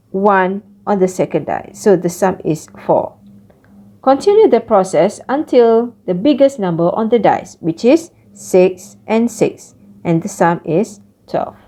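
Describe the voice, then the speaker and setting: Woman lecturer, unhurried delivery, warm tone, step-by-step teaching. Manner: slow, lively pitch, explains step by step. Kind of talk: recorded math lecture.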